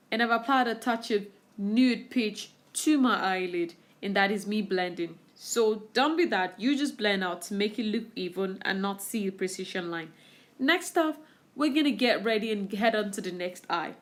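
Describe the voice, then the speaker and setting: A woman's voice: medium pitch, animated, normal speed. A woman narrating her makeup tutorial over the footage, walking viewers through each step with enthusiasm. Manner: instructive, enthusiastic. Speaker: beauty vlogger.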